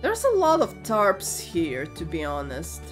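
A woman's voice: lowish voice, wildly swooping pitch, unhurried, over music. A woman commenting as she plays a video game, hesitant and thinking aloud, often correcting herself. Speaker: gaming video creator. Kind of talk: let's play commentary.

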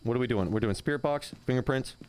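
A man streaming a co-op ghost game with friends, joking loudly and laughing. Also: mid-range voice, quick pace. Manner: joking, yells and laughs when scared. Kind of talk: casual gaming banter. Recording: noisy background.

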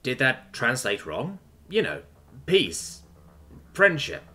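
A man voicing a friendly, earnest human captain who speaks warmly and apologetically. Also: mid-range voice, very animated, fairly quick.

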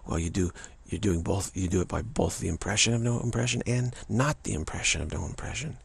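A man's voice: low-pitched, fairly quick, vocal fry, slightly rough. A man giving a rambling spiritual talk in a casual, musing way, often repeating himself and stumbling over tongue-twisting phrases. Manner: casual and musing, many fillers. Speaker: spiritual teacher.

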